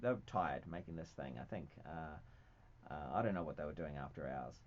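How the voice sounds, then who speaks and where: A man with a New Zealand accent, a guest on a radio talk show, answering in a deadpan, dryly joking way with hesitant ums. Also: extremely low pitch, moderate pace. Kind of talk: casual radio interview chat. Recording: slightly muffled broadcast audio.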